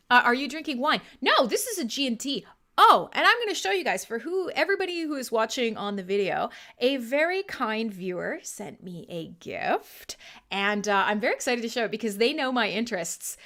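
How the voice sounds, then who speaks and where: Bright, chatty Canadian woman host. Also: a little high. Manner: chatty, irreverent, swears freely and laughs often. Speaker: radio show host. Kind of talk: casual live-stream chat with listeners.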